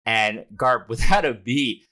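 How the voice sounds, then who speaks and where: A man's voice: medium pitch, slow pace. A man co-hosting a podcast, recapping a manga chapter casually, laughing often and acting out the characters' lines. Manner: animated, laughs often, acts out panel dialogue. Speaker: podcast co-host.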